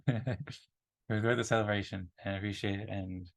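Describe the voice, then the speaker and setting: A man's voice: fairly low pitch, fairly even intonation, moderate pace, gravelly. A man hosting an online community meeting, friendly and rambling, with many fillers, over a video call. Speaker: meeting host. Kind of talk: casual online meeting talk.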